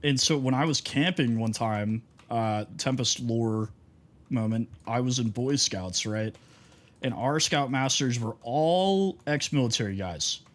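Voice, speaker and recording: A young man from Texas, a streamer chatting casually while gaming, rambling through stories with lots of fillers. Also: medium pitch. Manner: rambling storyteller, heavy on fillers.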